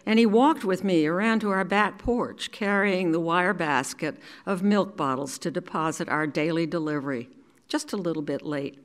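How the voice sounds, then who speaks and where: An older woman from New York City reading her own memoir aloud in a measured, deliberate storytelling manner. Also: fairly low pitch. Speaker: resident reader.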